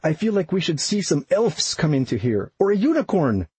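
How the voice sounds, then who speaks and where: A giddy, boyish young hiker, playful and full of wonder, as a man puts him on. The voice sits high and sounds breathy and husky. It is dry and close. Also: sing-song, moderate pace, darkish tone, no echo, exaggerated voice. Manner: giddy, wide-eyed, playful.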